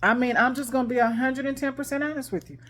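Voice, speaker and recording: A woman's voice: sits high, fast talker, fairly bright tone. A woman who works as a life coach, telling a personal relationship story to her camera in a frank, conversational way with plenty of fillers. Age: adult with grown children.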